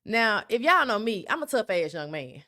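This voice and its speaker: A woman's voice: medium pitch, sing-song, normal speed, bright, forceful tone, no echo, studio quality. A young woman from South Memphis with a Southern accent, talking candidly and emphatically on her solo podcast. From South Memphis, USA. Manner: candid, emphatic, keeps asking "right?". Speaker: podcast host.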